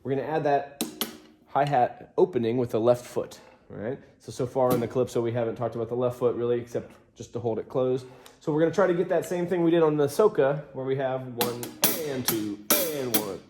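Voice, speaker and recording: Speaking fast at a medium pitch, this man keeps things relaxed as he teaches drums, calling out the beat counts while he plays. The roomy studio is noisy, loud with drums.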